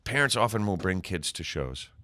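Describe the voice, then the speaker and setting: A comedian telling animated stories in a casual chat, laughing often. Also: male voice, low-pitched, normal speed. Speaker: comedian guest.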